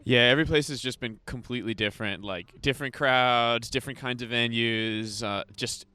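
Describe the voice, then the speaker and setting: A man who plays keyboards in a band, soft-spoken and laid-back as an interview guest. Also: medium pitch, normal speed, smooth, no room sound. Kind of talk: casual interview.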